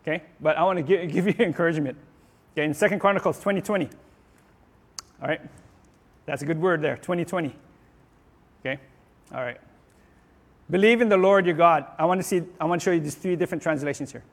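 A man preaching a sermon in an earnest way, often restarting and repeating words, and rising and getting louder on his declarations. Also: fairly high pitch, fast talker, pauses often, in a large hall. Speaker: pastor.

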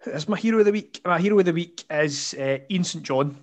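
A man with a Scottish accent telling a funny story in casual chat, animated and laughing often. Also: high-pitched, fast talker. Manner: animated, laughs often, lots of fillers and asides. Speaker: podcast guest storyteller.

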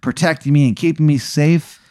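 A man voicing a fussy old-time English gentleman in a deliberately bad fake cockney accent. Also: a little high, dry recording, studio quality, pitched above the performer's own voice, natural voice. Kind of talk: improvised tabletop storytelling.

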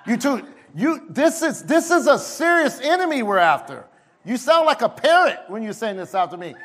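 A male pastor preaching a sermon in a church, energetically leading his congregation through call-and-response declarations and often shouting. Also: extremely high pitch, big pitch swings, moderate pace. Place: church sanctuary with a live congregation.

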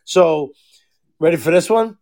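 A man, a podcast host and father, telling profane, animated stories in casual chat with lots of fillers. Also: fairly high pitch, unhurried.

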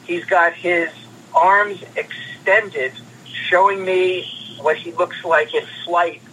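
A man, a guest comics producer, telling animated stories in an interview and repeating words as he goes. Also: high voice, slow pace, slight background noise, rough recording. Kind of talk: anecdotal interview storytelling.

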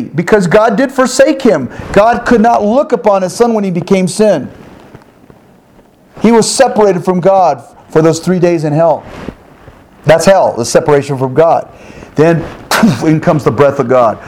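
A man teaching the Bible one-on-one in an animated way, with exclamations, rhetorical questions and repeated phrases. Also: sits high, normal speed. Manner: animated, with exclamations and sound effects.

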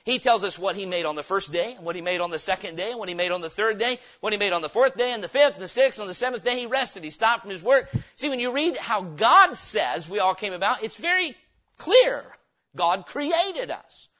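A man's voice: high-pitched, very animated, a little fast, bright, forceful tone. A man preaching a revival sermon in a church, emphatic and firing rhetorical questions at the congregation. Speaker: pastor. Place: church sanctuary. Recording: dull lo-fi sermon recording.

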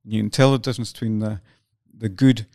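Older scottish guy, gravelly voice, wry and a bit pompous, podcast chat. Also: on the low side, steady tone, fairly quick, a little mellow, no room sound, clean studio sound. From Scotland. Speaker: podcast co-host. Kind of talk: casual chat.

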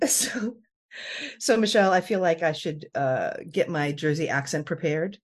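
A woman with a slightly low voice hosts a podcast in a relaxed, chatty way. She laughs often and breaks up her sentences with fillers and restarts. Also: normal speed. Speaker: podcast host. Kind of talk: casual chat.

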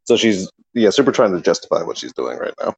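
A man co-hosting a casual gaming podcast, husky and hesitant, filling his talk with agreeing yeahs. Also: low voice, very animated, fast talker, no echo. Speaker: podcast co-host.

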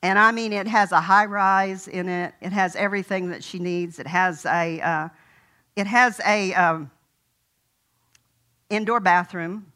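A woman's voice: on the low side, fairly even intonation, a little slow, bright, forceful tone. An older woman preaching a sermon in a folksy, conversational way, telling a personal story.

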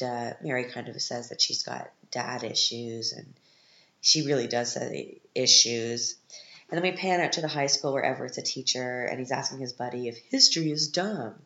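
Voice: medium pitch, fairly bright tone, roomy sound, lo-fi sound. A podcast host giving a casual, sarcastic recap of a film, sounding exasperated with it.

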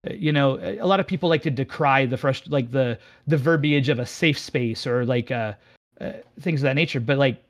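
A man who owns a game shop, telling a candid story in casual chat, animated and self-mocking, rambling with restarts. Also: medium pitch. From Pittsburgh area, United States. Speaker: game shop owner, podcast guest.

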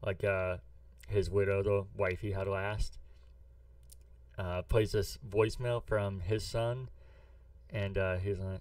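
A man's voice: lowish voice, fairly even intonation, a little slow, long pauses, darkish tone, dry recording, distant mic. A man from the US Midwest, co-hosting a podcast, chatting casually in a rambling, profane storytelling way. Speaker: podcast co-host. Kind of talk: casual chat.

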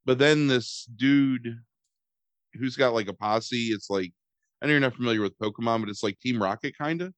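A man's voice: medium pitch, normal speed, dry recording. A man chatting casually as a podcast host about a movie, rambling and sarcastic, swearing and filling gaps with "um" and "like.". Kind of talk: casual chat.

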